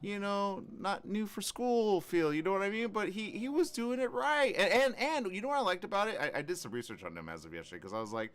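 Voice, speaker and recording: A man's voice: sits high, lively intonation, a little fast, hardly any pauses, a bit bright, clear, resonant tone. A man hosting a radio morning show, chatting casually and rambling with fillers and restarts. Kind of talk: casual on-air chat.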